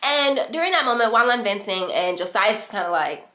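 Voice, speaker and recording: A young woman vlogger telling a storytime in casual chat, animated and slangy, acting out what others said. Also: medium pitch, brisk, a little hiss or hum. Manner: animated, slangy, acts out quotes. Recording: echoey room.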